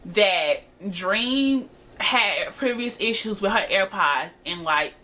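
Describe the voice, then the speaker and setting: A woman's voice: mid-range voice, expressive, slow pace, sharp tone. An eighteen-year-old woman telling a sassy storytime vlog to her viewers, talking to them as y'all. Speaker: vlogger.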